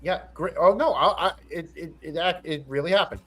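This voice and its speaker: A man's voice: a little high, a little fast, a bit bright, breathy edge. A man hosting a live talk show, chatting casually and stumbling over his words. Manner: chatty, stumbling, laughs easily. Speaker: host. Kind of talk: casual chat.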